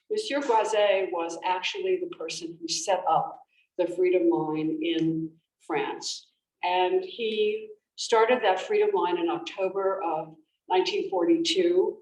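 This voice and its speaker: Woman author telling stories to an audience, low-ish voice, far from the mic. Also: darkish tone. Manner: storytelling, with frequent restarts and fillers. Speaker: author giving a library talk. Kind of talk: conversational presentation. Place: library event room. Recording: roomy, distant, faint background noise.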